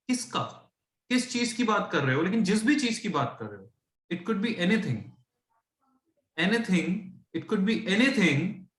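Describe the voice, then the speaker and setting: A man's voice: high voice, fairly bright tone. Patient Indian tutor man, echoey room. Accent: Indian English. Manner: patient, asks checking questions, mixes English and Hindi. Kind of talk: explaining fractions.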